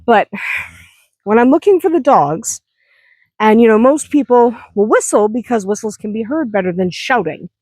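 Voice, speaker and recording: Woman, farm vlogger; casual, self-mocking, quick laughs, higher voice, dry close mic. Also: expressive, a little mellow, dry recording. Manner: chatty, self-deprecating, laughs often. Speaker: vlogger, hobby farm owner. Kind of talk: casual vlog chat.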